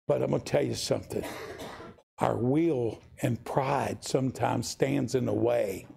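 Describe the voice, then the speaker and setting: An older male preacher with a heavily gravelly, husky voice. He talks slowly, telling a personal story in a sermon before building to earnest pleading. His delivery drops soft for quoted lines and swells when he exhorts. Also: mid-range voice. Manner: storytelling, voices quotes softly, rising to impassioned pleas.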